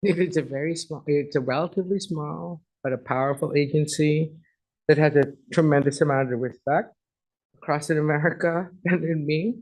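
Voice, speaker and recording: A man's voice: on the high side, fairly even intonation, moderate pace, darkish tone, low-quality recording. A middle-aged man giving a chatty, effusive guest speech at an agency event, then taking audience questions.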